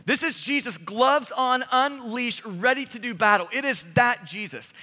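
A man's voice: very high-pitched, expressive, normal speed, sharp tone, soft background music. A male pastor preaching a sermon, reading scripture with emphatic, dramatic delivery. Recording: long hall reverb.

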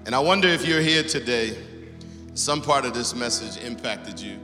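A middle-aged male pastor preaching a sermon, swinging between loud, animated exhortation and hushed storytelling. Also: medium pitch, moderate pace, music in the background. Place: church auditorium. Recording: long reverb of a large hall.

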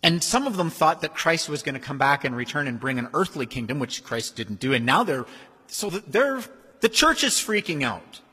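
A man preaching a sermon as pastor, in a conversational, animated way. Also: fairly high pitch, moderate pace, husky. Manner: conversational, animated, acts out quoted voices. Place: church sanctuary. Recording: long hall reverb.

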